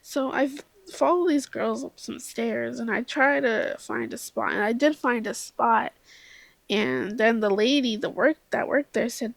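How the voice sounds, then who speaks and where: A young woman vlogger telling a rambling, self-deprecating story in casual chat, a little tipsy, with laughs and soft whispered asides. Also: on the high side, measured pace, gravelly, no room sound.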